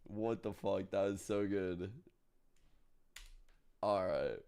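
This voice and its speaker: Low, smooth-voiced streamer signing off. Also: male voice, slow pace, darkish tone. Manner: laid-back, swears casually, signs off to viewers. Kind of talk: casual livestream commentary.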